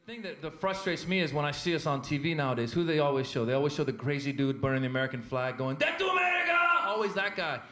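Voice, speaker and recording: A man's voice: a little high, fast talker, few pauses. A man performing a stand-up routine on stage, punchy and rising to bursts of emphasis. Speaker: stand-up comedian. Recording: echoey club recording with loud noise.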